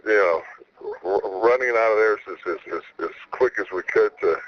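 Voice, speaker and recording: A man with a very deep voice answers interview questions in an easygoing way. He rambles and trips over his words, restarting phrases again and again. The radio recording is a little muffled, with a faint hiss underneath. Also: brisk. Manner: rambling, with many stammered restarts; laid-back. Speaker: wrestler guest. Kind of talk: casual interview talk.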